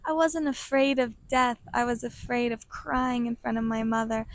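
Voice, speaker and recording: A woman telling a deeply personal story in a slow, earnest, heartfelt way, breaking into soft laughs now and then. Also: fairly even intonation, no echo. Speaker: vlogger sharing a personal story.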